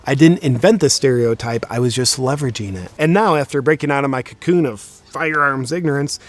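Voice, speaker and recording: Deadpan mock-serious young man. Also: mid-range voice, brisk. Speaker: video host. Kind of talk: sarcastic comedic monologue.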